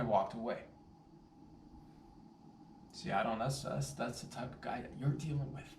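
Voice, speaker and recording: A man telling a story in a casual vlog, rambling and animated, with playful catchphrases. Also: medium pitch, unhurried, pauses often, background noise. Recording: roomy echo, distant mic, faint ambience.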